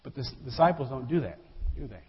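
A pastor preaches a sermon, speaking animatedly and fast in a medium-pitched voice. He addresses the congregation directly and acts out the quotes. The audio is dull and carries a long hall reverb.

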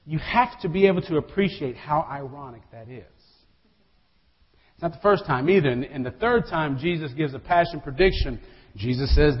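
A man's voice: a little high, lively intonation, moderate pace, husky. A man preaching a sermon as a pastor. He speaks with animation, addresses the congregation directly and acts out the quotes. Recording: dull audio with long hall reverb.

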